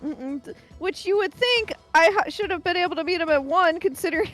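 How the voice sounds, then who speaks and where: A woman co-hosting a podcast, talking about conventions in a relaxed, conversational way. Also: extremely high pitch, a little fast, faint music behind. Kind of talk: casual chat.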